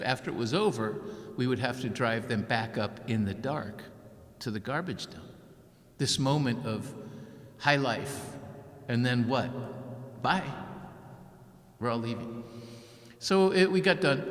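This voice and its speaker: A male author gives a keynote talk from a large church, his mid-pitched voice carried by a long reverb. He tells the story vividly and acts out the voices of the people in it. The sound is open and spacious. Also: fairly bright tone. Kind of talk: storytelling speech.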